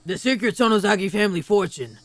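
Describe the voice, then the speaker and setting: A man's voice: sits high, animated, quick pace, a bit bright. A man reading translated game dialogue aloud, with occasional slips.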